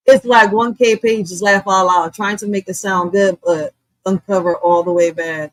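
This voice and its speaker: A woman's voice: lowish voice, moderate pace, dry recording, low-quality recording. Blunt, profane woman livestreaming. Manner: blunt, profane, laughs and reacts loudly to chat. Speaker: livestream host. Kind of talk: casual livestream commentary.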